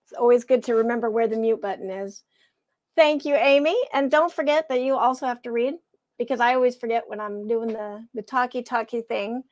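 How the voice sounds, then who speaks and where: A woman co-hosting a poetry live stream over a video call, chatting casually and then reading her poem more slowly and lower. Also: steady tone, a little mellow. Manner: chatty and self-deprecating, reads verse slower and lower.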